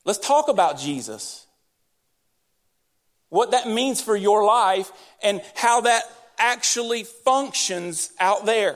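A man's voice: sits high, lively intonation, slow pace. A man preaching a sermon in church, talking directly and conversationally to his congregation as their pastor. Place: church sanctuary during service.

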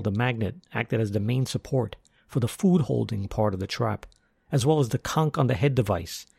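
A man's voice: mid-range voice, vocal fry, darkish tone, slightly rough, no echo. A man narrating a first-person story in a wry, tough-guy manner.

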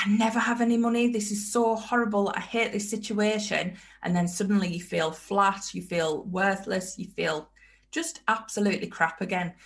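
A woman hosting a motivational self-help talk, emphatic and fond of repeating her key phrases. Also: mid-range voice. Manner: emphatic, repeats phrases, acts out inner voices. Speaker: podcast host.

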